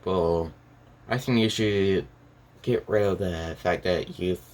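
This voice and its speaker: A man doing an easygoing teenage ninja boy, talking in a calm, laid-back way. The voice sits low and deep for a young hero, with a faint hiss of noise behind it. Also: takes it slowly.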